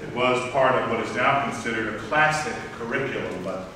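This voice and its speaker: Bright-voiced man preaching in an echoey hall. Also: medium pitch, a little fast, a little hiss or hum. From Southern Maryland, US. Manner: personal storytelling, wry and reflective. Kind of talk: sermon. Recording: echoey hall, picked up from far off.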